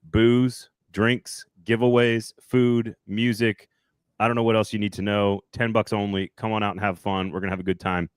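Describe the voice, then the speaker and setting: A man's voice: lowish voice, level tone, moderate pace, clear, resonant tone, no echo. Chatty male sports podcast host. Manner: chatty, rambling, self-correcting. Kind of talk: casual sports talk.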